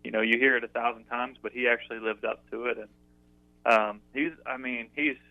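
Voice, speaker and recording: A young man speaks as an interview guest on a phone call, his voice thin and boxed-in, with no room around it. He rambles happily, full of fillers, often laughing as he tells his stories. His pitch sits in the middle. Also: little pitch movement, moderate pace, dry recording. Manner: chatty, many fillers, laughs through stories. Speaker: guest, former college pitcher. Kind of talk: casual interview storytelling. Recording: dry tinny phone line.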